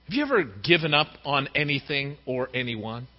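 Speaking at a moderate pace in a medium-pitched voice, a middle-aged pastor gives a lively church sermon, performing the voices of the people he quotes. The audio is dull and echoes through a large hall.

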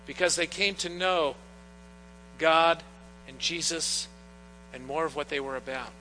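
A man's voice: a little high, unhurried, pushed and bright. A middle-aged man preaching a sermon as a pastor, in an earnest storytelling way that draws on personal anecdotes. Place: church sanctuary. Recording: long church reverb, faint mains hum.

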